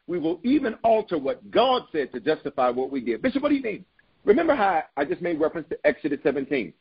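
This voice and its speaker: A man's voice: a little high, breathy edge, highs cut off. A man preaching a sermon as bishop, reading scripture aloud and repeating phrases for emphasis with call-and-response.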